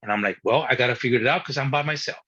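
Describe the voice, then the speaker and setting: A man tells a story from his childhood with a husky voice and plenty of energy, acting out the moments and swearing freely. The sound is dull and lo-fi. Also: mid-range voice, racing. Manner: animated, swearing, acting out his younger self. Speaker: guest. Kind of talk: personal storytelling.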